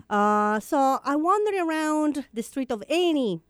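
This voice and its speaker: A woman with an Italian accent hosts a radio show in an animated, chatty way. Her voice sits a little high and swings widely in pitch. The studio sound is dry and close. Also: takes it slowly, no echo. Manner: animated, chatty, laughs often. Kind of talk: casual radio chat.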